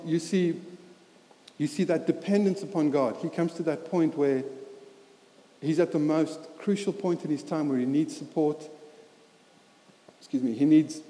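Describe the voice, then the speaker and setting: A man's voice: fairly high pitch, mellow. A man preaching a sermon in an earnest, plain-spoken, conversational way, often saying "you know" and repeating words. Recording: reverberant church hall.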